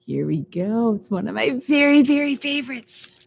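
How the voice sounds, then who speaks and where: A middle-aged woman librarian leading a live storytime for young children in a library storytime room, speaking in an animated sing-song way and greeting children by name. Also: on the high side, normal speed, creaky, breathy edge.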